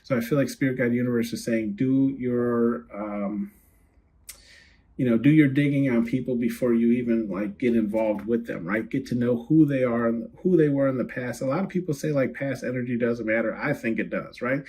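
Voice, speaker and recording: A man giving a casual tarot reading as host, chatty and quick to laugh, often checking in with "right?" and "okay?". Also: mid-range voice, darkish tone, a little hiss or hum. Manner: laughs easily, rambles with fillers. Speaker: tarot card reader.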